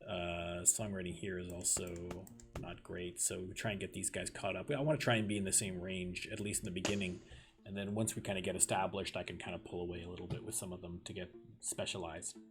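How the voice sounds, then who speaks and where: A man's voice: deep voice, steady tone, brisk. A Canadian man with a Canadian accent giving chatty let's play commentary, wandering off on tangents. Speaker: gaming streamer. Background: game music.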